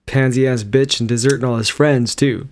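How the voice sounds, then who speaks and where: A man's voice: mid-range voice, steady tone, normal speed. A man co-hosting a podcast in casual chat about a film, cutting in with blunt, joking remarks. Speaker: podcast co-host.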